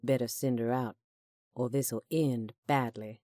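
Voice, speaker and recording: A woman's voice: a bass voice, steady tone, a little slow, dark tone, dry recording, clean studio sound, pitched below the performer's own voice. A woman voicing a menacing male villain with a Southern accent, who speaks in a casual drawl and erupts into screams. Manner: friendly drawl turning to screams.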